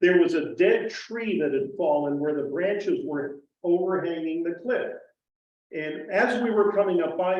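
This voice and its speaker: A man telling stories about his carving to a live audience in a folksy, animated way. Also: high-pitched. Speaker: guest woodcarver speaker. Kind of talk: storytelling talk to a live audience. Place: museum presentation room. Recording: echoey hall, distant muffled mic.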